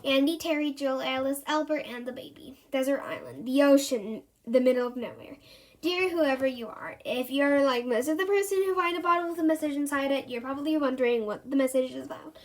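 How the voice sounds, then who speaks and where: High-voiced woman reading a children's story. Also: fairly quick. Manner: voices characters with lively pitch jumps. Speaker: reader. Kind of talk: reading a children's book aloud.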